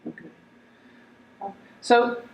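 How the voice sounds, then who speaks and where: Woman, counselor, soft reflective questions, slight hesitations, roomy echo, faint background hiss. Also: drawn-out words, distant mic. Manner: gentle, reflective questioning with small restarts. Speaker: counselor in a training role-play. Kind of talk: clinical interview role-play.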